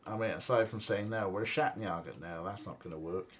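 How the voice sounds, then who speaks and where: A man's voice: on the low side, a little fast, slight background noise. A young man casually commentating a game, rambling and joking and laughing often. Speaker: let's play streamer.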